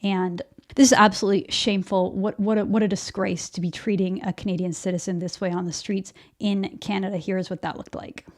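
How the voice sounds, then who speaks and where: A woman's voice: medium pitch, level tone, brisk, a little mellow. A woman delivering opinionated news commentary in an indignant, emphatic manner, often repeating words.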